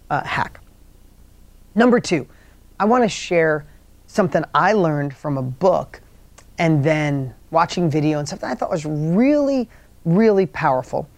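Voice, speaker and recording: A man's voice: on the high side, no echo. A middle-aged man giving a motivational talk, earnest and rambling, often restarting his sentences. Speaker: motivational speaker.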